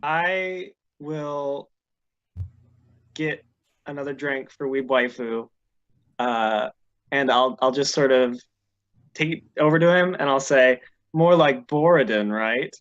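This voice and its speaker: A man's voice: medium pitch, slow pace, pauses often, a bit bright, smooth, dull audio. A man playing a tabletop game, playful and joking as he talks in character. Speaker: player. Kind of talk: casual in-character play.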